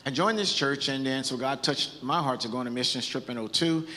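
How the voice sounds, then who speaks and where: A man's voice: mid-range voice, brisk, pushed and bright. A bishop from Southern California preaching from a church stage, earnest and conversational, often restarting his sentences. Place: church hall. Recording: hall with long reverb.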